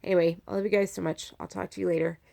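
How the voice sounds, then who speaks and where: A woman's voice: on the low side, little pitch movement, racing, gravelly. Woman vlogger, casual diary talk, rambling and filler-heavy, heartfelt with sudden fired-up bursts. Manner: heartfelt, swinging from soft to fired-up. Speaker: vlogger sharing a health update.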